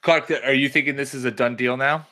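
A man hosting a casual sports podcast, jokey and animated as he leads the questions. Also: medium pitch, fairly quick. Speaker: podcast host.

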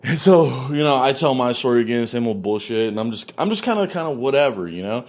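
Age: unknown. Sex: man. Style: profane, animated storytelling. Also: mid-range voice, fast talker. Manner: profane, animated, laughs often. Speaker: guest telling his story. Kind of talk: casual storytelling.

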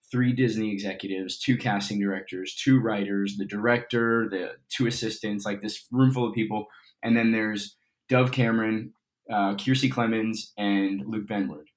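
Young man, lowish voice, chatty, animated storytelling, casual interview. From Colorado, US. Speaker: actor guest.

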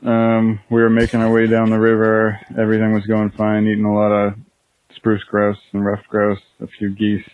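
A man calls in over a thin, phone-like line, telling his story in a low, monotone voice. He is matter-of-fact and halting, and the line is dry and close. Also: clean tone, no room sound. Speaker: caller.

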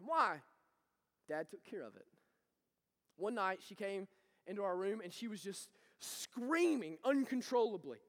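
High-voiced pastor preaching in a reverberant hall. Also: male voice, expressive, unhurried, pauses often. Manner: preaching with swings from loud to hushed. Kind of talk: sermon.

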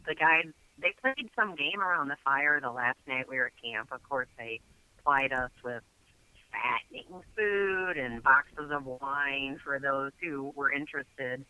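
Brief: man as a talk guest, chatty with lots of fillers, bright and forceful tone, mid pitch. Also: a little slow, smooth, no echo, low-quality recording. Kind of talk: casual storytelling.

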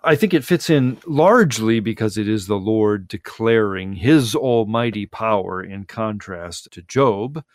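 Guy pastor on a radio show, lowish voice, dry close sound, walking through the bible readings thoughtfully. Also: expressive, unhurried, hardly any pauses, no room sound. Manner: thoughtful, explanatory, warmly appreciative of the text. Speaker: pastor, guest explaining Sunday readings. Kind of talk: radio interview, scripture commentary.

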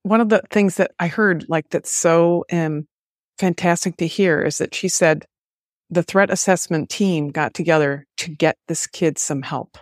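A middle-aged woman co-hosting a podcast in casual chat, effusive and quick to exclaim. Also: fairly low pitch, no echo, clean studio sound. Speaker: podcast co-host, former FBI program head. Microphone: remote call.

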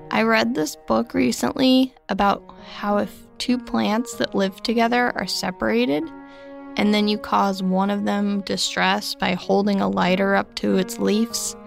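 A young woman narrating a scripted first-person story in a slow, reflective way. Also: mid-range voice, creaky.

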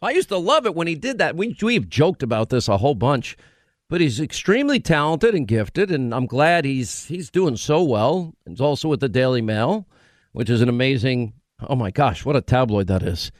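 A man's voice: mid-range voice, moderate pace, dry recording, clean studio sound. A man in his fifties hosting a radio talk show, chatting casually and cutting in with quips. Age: 50s. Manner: animated, interrupting, quips.

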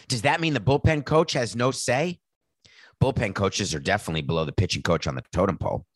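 A male sports talk host delivers an animated commentary monologue, worked up and sarcastic as he acts out exchanges between team officials. His voice is medium in pitch, on a dry recording.

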